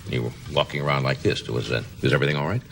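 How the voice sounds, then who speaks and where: A man hosting a late-night talk show interview, quick and joking, laughing often. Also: extremely low pitch, creaky. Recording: noisy broadcast with loud studio audience.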